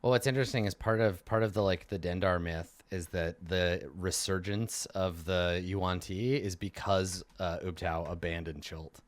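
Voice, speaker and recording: A man's voice: deep voice, steady tone, normal speed, few pauses, no room sound. A man running a tabletop game as game master, narrating the action and rolling for monsters.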